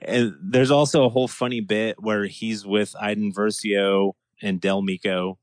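Deep-voiced man in enthusiastic casual chat. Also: fairly even intonation, a little slow, no echo. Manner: enthusiastic, rambling with restarts and laughs.

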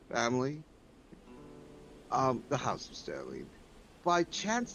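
A man's voice: medium pitch, creaky. Courteous man playing in character. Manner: formal and courteous. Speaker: player. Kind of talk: in-character tabletop role-play.

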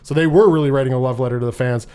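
A man casually talking through a film in a podcast chat, rambling and animated, with restarts and frequent swearing. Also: mid-range voice, rapid-fire, clean tone. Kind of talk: casual movie review chat.

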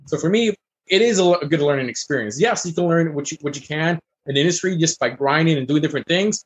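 A man who is a chef, chatting casually as a guest and telling stories in a fast, animated way. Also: on the high side, slightly rough. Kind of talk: casual chat.

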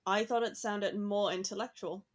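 A woman from Hong Kong co-hosting a podcast, chatting in an expressive, casual way. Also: medium pitch, moderate pace. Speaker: podcast co-host. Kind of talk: casual chat. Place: London.

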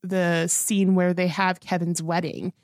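A woman's voice: fairly low pitch, little pitch movement, unhurried, a little mellow, no room sound, studio quality. Earnest woman co-hosting a film podcast. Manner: earnest, rambling, many restarts. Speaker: podcast co-host. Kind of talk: casual film review chat.

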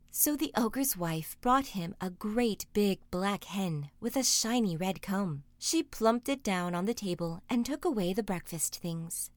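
A woman reading a fairy tale aloud, expressive and dramatic. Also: medium pitch, measured pace, hardly any pauses, no room sound. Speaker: storyteller. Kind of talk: storybook reading.

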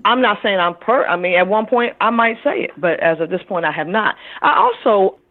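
A middle-aged woman, an author speaking as an interview guest, telling stories in an animated way and acting out what other people said. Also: medium pitch, fairly quick. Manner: animated storyteller who acts out other people's voices. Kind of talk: interview conversation. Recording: tinny phone line.

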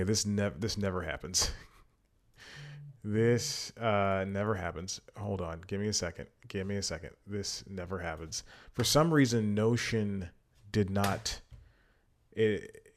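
Rambling, breathless low-voiced male host. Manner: rambling, many fillers and self-corrections. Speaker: podcast host. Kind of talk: casual solo podcast chat.

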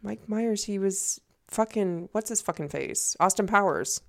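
A young woman co-hosting a podcast, chatting casually in an animated, joking way and swearing freely. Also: medium pitch, unhurried, creaky. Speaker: podcast co-host. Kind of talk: casual chat.

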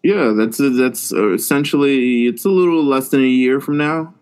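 A man's voice: mid-range voice, normal speed, a little mellow, smooth. Laid-back man co-hosting a live watch. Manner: laid-back, starts lines with "listen". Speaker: podcast co-host. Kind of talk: casual live-watch chat.

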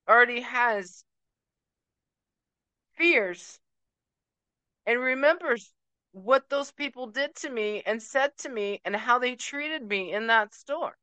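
A woman from Puerto Rico delivers an emotional vlog rant, slow and deliberate, stressing her points and slipping Spanish words into her English. Her voice is bright and sits a little high, smooth and clear, in a dry space. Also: no echo, poor audio. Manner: emphatic, slips into Spanish words. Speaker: vlogger.

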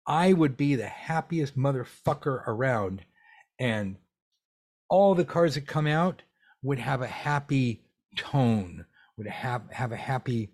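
Husky animated man teaching tarot live. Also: medium pitch, unhurried. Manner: animated, swearing, jokey asides. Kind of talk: live workshop Q&A.

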